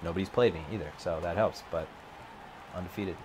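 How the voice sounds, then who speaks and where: A man commentating live on his own video game play from an empty office, excitable, his voice jumping high when he gets worked up. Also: a little fast, background noise.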